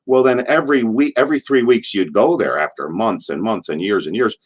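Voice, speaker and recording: A middle-aged man, a former wrestler, telling stories in an interview, rambling through asides and acting out what people shouted. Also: lowish voice, husky. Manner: animated, acts out quotes in a loud, drawn-out voice. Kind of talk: casual anecdotal storytelling.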